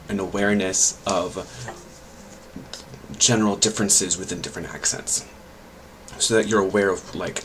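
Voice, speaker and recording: Low-voiced man, rambling and hesitant. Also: a bit bright, slight background noise, poor audio. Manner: rambling, hesitant, many fillers and restarts. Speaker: language learner giving tips. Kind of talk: casual vlog talk.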